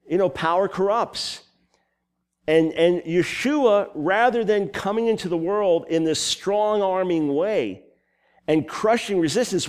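A man from New York with a New York accent, preaching a sermon full of personal stories, animated and quick with asides. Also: fairly high pitch. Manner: animated storytelling, quick asides and self-corrections.

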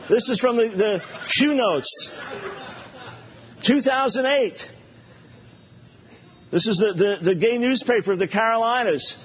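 Male preacher, husky and animated, playful repetition, muffled recording. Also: very high voice. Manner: animated, playful, repeats phrases for emphasis. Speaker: pastor. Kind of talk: sermon. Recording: dull lo-fi recording.

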